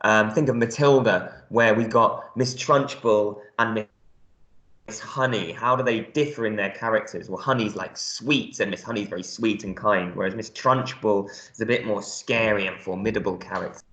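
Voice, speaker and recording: A man's voice: on the low side, steady tone, normal speed, fairly bright tone, echoey room, lo-fi sound. A male primary school teacher giving a recorded reading lesson, explaining words step by step in a friendly way with lots of ums.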